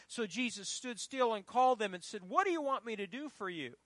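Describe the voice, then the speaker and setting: A man's voice: very high-pitched, fairly quick, few pauses, fairly bright tone, no room sound. A middle-aged male pastor preaching a sermon with emphasis, prompting the congregation to call out the missing words. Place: church.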